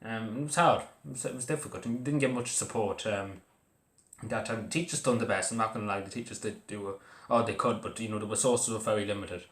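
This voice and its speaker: A young Irish man vlogs to camera about personal things in a casual, halting way, full of fillers, often stopping and starting over. His voice is low, and the room gives the recording a noticeable echo.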